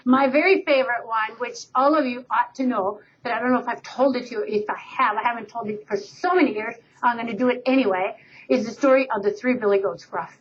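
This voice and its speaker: A woman teacher telling a fairy tale to her class in a lively storytelling manner, on a dull webcam recording. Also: a little high, fairly quick, slightly rough. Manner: lively storyteller, voices for effect.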